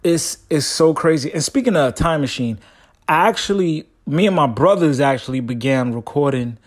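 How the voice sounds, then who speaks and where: A man's voice: fairly high pitch, lively intonation, normal speed. A man hosting his own podcast, telling a long story in a rambling, slangy way with many restarts. His family comes from Guyana. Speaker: podcast host. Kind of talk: casual solo podcast monologue.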